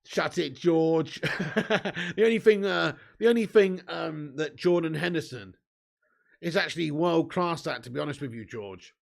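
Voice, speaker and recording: Excitable gravelly man on a live stream. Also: a little high, moderate pace. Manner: excitable, swearing, laughing banter with viewers. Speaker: football watch-along host. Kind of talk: live watch-along commentary and chat.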